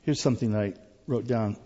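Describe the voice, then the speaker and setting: A middle-aged man preaching a sermon, emphatic and repetitive, swinging between loud and quiet phrases. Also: on the low side, normal speed, gravelly, slightly rough. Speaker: pastor. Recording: dull sound with long hall reverb.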